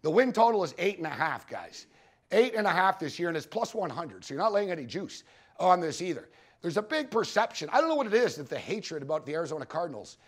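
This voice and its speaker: A man with a high-pitched voice presenting at a conference, spinning loose, profane stories about betting and hammering points home with repetition. He talks in a casual, animated way to a live room. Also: fast talker. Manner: profane, storytelling, punchy repetitions. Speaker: sports betting show host giving a conference talk.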